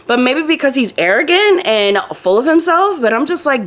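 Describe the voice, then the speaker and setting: A woman's voice: fairly high pitch, normal speed, hardly any pauses. A young woman from Florida chatting casually to her viewers as she shows off a haul of finds. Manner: chatty, animated, talks to viewers directly. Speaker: lifestyle vlogger.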